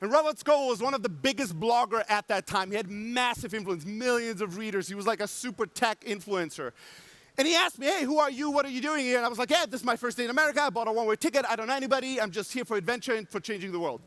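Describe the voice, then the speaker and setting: A man with a German accent giving an energetic conference talk, acting out quotes and swearing for emphasis. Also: high-pitched, very fast, few pauses, dry recording. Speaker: conference speaker. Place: conference stage before an audience.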